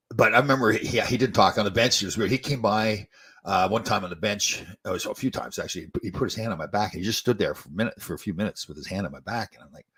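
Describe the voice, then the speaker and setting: Once a hockey player and now a host, an older man spins stories in a casual chat, rambling loosely, restarting sentences and chuckling. His low, slightly husky voice sounds pushed and bright, and his words come out quickly.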